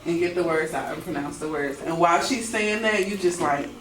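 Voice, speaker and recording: A woman's voice: fairly low pitch, a little fast, fairly bright tone. Woman director coaching a rehearsal; off-mic, roomy, noisy background. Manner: instructive, repeating "okay?" to check understanding. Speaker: film director. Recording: roomy, distant mic, clear background noise.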